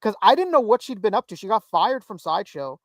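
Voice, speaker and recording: A man co-hosting a podcast, chatting casually and telling stories with loud exclaimed quotes and laughter. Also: sits high, very animated, fast talker, no echo. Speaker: podcast co-host. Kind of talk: casual chat.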